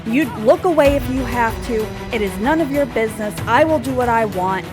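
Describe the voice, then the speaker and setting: A woman voicing a domineering king who barks orders at his wife, loud and insistent, with music playing under her. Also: on the high side, moderate pace, close to an everyday voice. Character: domineering male king, cold and commanding.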